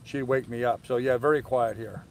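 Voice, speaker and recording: A man's voice: medium pitch, fairly even intonation, normal speed, creaky, darkish tone, a little hiss or hum, rough recording. An older man hosting a live sailing stream from his moored boat, reading viewer comments aloud and answering them in an easygoing, rambling way with many fillers. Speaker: sailing vlog host. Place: aboard a moored sailboat in a harbor, outdoors at evening.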